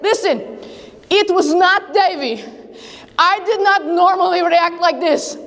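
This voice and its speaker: A woman's voice: extremely high pitch, takes it slowly, a bit bright. A woman leading a camp chapel, telling a Bible story in the first person to young campers with playful sound effects and questions. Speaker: camp worship leader. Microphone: action camera. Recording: long echo in a hall.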